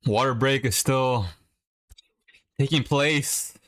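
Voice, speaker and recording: A young man chatting casually while watching a match live and coaching viewers through a quick workout. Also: mid-range voice, fairly even intonation, fairly bright tone. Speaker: livestream host. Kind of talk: casual watch-along chat.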